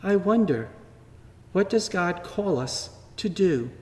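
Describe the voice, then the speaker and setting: A man slowly and gently reading a children's story aloud at church, in a wondering tone with pauses. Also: high-pitched, lively intonation. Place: church sanctuary. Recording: long reverb from a large hall.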